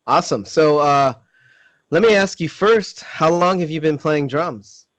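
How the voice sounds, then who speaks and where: A man hosts a casual online interview at a mid pitch. He speaks in a friendly way but often stops and restarts his sentences. The sound is dry and close, with no room echo. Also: unhurried, fairly bright tone. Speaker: interview host.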